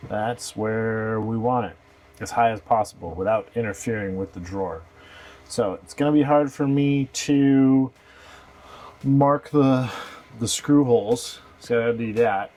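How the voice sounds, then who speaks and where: A man's voice: on the low side, a little mellow. A man hosting a boat vlog, thinking aloud and chuckling as he narrates a fix-up job inside a sailboat cabin. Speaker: boat owner and vlog host. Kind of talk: casual DIY narration.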